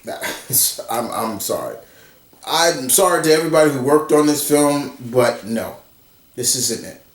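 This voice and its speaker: A man's voice: mid-range voice, lively intonation, unhurried. A man ranting bluntly and profanely in an exasperated movie commentary vlog. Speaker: commentary vlogger. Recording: roomy echo, far from the mic.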